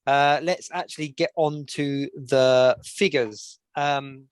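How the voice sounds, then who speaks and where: A man co-hosting a podcast, chatting casually and listing news with many pauses. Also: mid-range voice, steady tone, smooth, no room sound. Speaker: podcast co-host. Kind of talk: casual chat.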